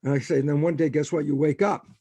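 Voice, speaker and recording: A man's voice: fairly high pitch, fairly even intonation, quick pace, mellow, husky, dry recording. An older man, a guest biologist on a podcast interview, telling stories with animation and acting out quoted dialogue. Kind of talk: interview conversation.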